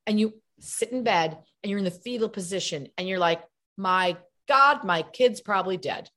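Middle-aged actress guest, animated storyteller, chatty and quick to do voices. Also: female voice, mid-range voice. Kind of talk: casual interview chat.

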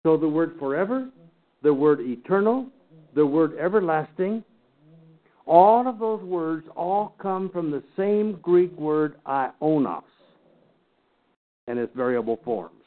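A man's voice: fairly high pitch, expressive, slow, long pauses. A man teaching a Bible lesson to a class, folksy, with teasing asides and questions to the room. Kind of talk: lecture to a class. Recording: tinny phone-like sound.

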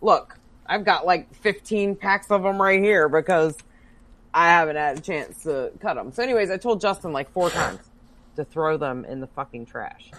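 A woman's voice: on the low side, normal speed, a bit bright. A woman co-hosting a podcast, chatting casually with a sarcastic, swearing, laugh-prone manner. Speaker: podcast co-host. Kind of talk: casual chat.

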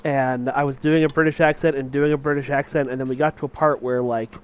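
A man co-hosting a podcast, teasing his friends and telling animated stories. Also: mid-range voice, quick pace, clear, resonant tone, rough recording. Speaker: podcast co-host. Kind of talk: casual chat.

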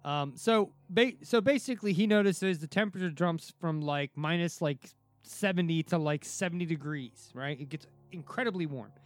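A man hosting a podcast, telling a story in a casual, excitable way, with frequent restarts and casual swearing. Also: fairly high pitch, moderate pace, dry recording, soft background music. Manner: excitable, many restarts and fillers, swears freely. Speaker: podcast host.

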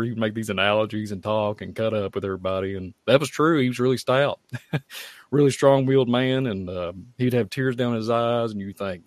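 A man, giving a halting, heartfelt personal testimony at a prayer meeting. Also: lowish voice, no room sound, studio quality. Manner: halting, heartfelt, many fillers. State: tearful at times.

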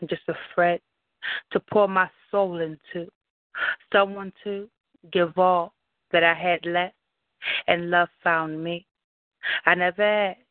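A woman recites a spoken-word poem at an unhurried, deliberate pace, each phrase set apart. Her voice comes through thin and tinny, like a phone call. The sound is dry, with no room around it. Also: on the low side, no echo. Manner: slow, measured, heartfelt delivery. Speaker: poet at an open mic. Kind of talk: spoken-word poetry reading. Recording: tinny phone-line audio.

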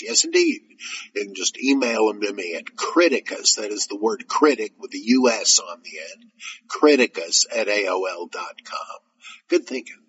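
A man hosting a podcast, answering listener questions in a rambling, halting way, with many fillers and pauses to search for words. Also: on the low side, fairly bright tone, breathy edge, lo-fi sound. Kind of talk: casual spoken Q&A.

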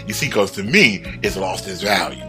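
Male broadcast speaker, motivational talk, bright and animated, given to chuckles. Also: low-pitched, normal speed, faint music behind. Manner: animated, acts out everyday quotes, chuckles often.

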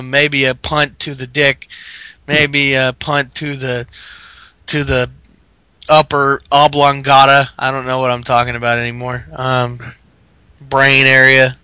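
Bright-voiced man recapping wrestling. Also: mid-range voice, flat delivery, a little slow, clean tone, no room sound. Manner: rambling, laughing, swearing, acts out wrestlers' lines. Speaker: podcast co-host. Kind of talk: casual wrestling recap chat.

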